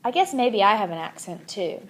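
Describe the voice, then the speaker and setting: A woman narrating a children's book aloud in an expressive, animated way. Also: medium pitch, fairly quick. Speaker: audiobook reader.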